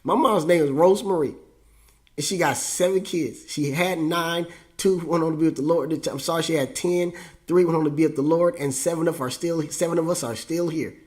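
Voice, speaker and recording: Host, male, fairly high voice, animated personal storytelling. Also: fairly quick. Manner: animated, emphatic storytelling with slang.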